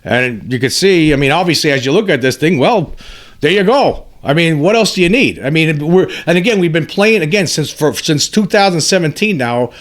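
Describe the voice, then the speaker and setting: A man's voice: on the high side, expressive, normal speed. A man hosting a casual commentary, talking in a rambling, emphatic way with many restarts and repeated "I mean". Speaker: host.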